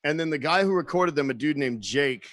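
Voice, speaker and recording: A man telling a story in casual chat as a guest musician, animated, swearing freely and laughing often. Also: a little high, fairly quick, dry recording.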